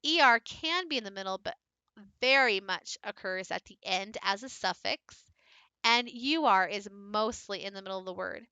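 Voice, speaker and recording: A woman's voice: mid-range voice, normal speed, pushed and bright, smooth, no room sound, lo-fi sound. A woman leading a book study, teaching phonics and modelling vowel sounds aloud step by step. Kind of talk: phonics lesson.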